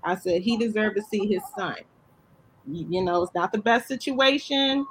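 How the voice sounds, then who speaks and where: A man's voice: high voice, normal speed, a bit bright, husky, low-quality recording. A man, a guest, telling a personal story in plain, earnest talk. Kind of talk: casual chat.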